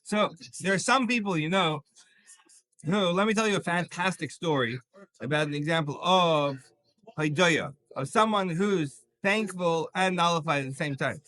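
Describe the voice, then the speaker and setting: Bright, high-voiced storytelling rabbi. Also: male voice, normal speed. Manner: lively storyteller, acts out the characters' lines. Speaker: rabbi teaching Chassidus. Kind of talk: storytelling Torah class.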